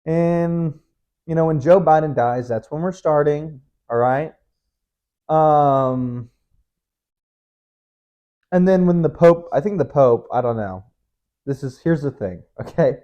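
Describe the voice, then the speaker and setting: A man's voice: on the high side, takes it slowly, long pauses, mellow. A young man hosting his own show, rambling through a casual monologue full of swearing, restarts and chuckles. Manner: rambling, profane, self-interrupting, laughs often. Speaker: podcast host. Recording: dull lo-fi recording.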